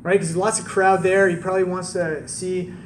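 An animated male preacher with a fairly high voice tells the story to a live crowd and keeps checking in with rhetorical questions. He sounds a bit far from the mic, and the large room adds a strong echo. A faint hum of ambience sits underneath. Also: brisk. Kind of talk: conversational sermon.

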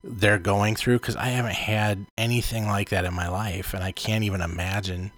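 A man who works as a minister, earnestly retelling a story on a podcast, halting and restarting as he searches for words. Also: lowish voice, steady tone, fairly bright tone.

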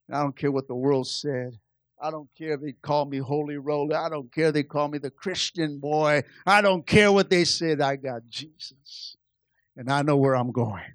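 A man's voice: a little high, moderate pace, no echo. A man preaching a fervent sermon to his church, repeating his calls to the congregation. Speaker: pastor. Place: church service.

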